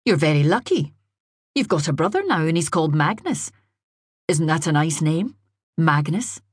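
A woman's voice: deep voice, very animated, husky, no room sound, studio quality, full character voice. A woman reading an upbeat young dad coaxing his child. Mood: firm, breezy. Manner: bright, coaxing, brisk. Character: cheerful young father coaxing his son.

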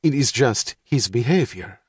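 A man's voice: mid-range voice, expressive, measured pace, breathy edge, no echo, clean studio sound. A man doing a stern, formal mother. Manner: precise, formal, no contractions. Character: fussy middle-aged mother, formal and stern.

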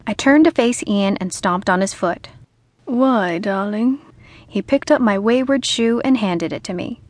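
A woman narrating a humorous novel in the first person, with a lively storytelling manner, recorded on a studio microphone. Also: medium pitch, dry recording. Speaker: audiobook narrator.

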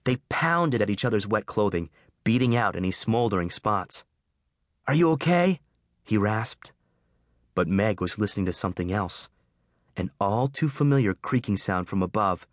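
A man reading a children's adventure audiobook with expressive, scripted storytelling. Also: on the low side, normal speed, no echo, studio quality. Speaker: audiobook narrator. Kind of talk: scripted narration.

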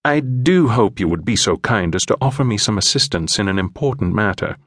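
A man voicing an anxious, pompous English gentleman with an English accent, formal and fretful in an audiobook. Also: on the low side, lively intonation, fairly quick, dry recording, studio quality. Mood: stiffly polite. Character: fussy, anxious English gentleman, short and balding.

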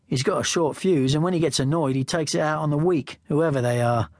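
A man's voice: on the high side, fairly quick, darkish tone, no room sound, clean studio sound. A man reading a teen novel in the first person, with a wry, conversational manner. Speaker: audiobook narrator. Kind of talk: first-person audiobook narration.

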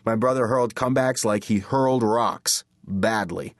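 A man reading a first-person horror story as an audiobook narrator, measured and dramatic. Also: on the low side, no room sound, studio quality.

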